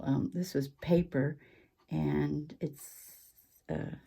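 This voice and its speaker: Woman, crafting chat, unhurried, gravelly, rambling asides. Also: low voice, dark tone. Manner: chatty, rambling, with frequent ums and asides. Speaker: craft channel host. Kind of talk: casual craft show-and-tell chat.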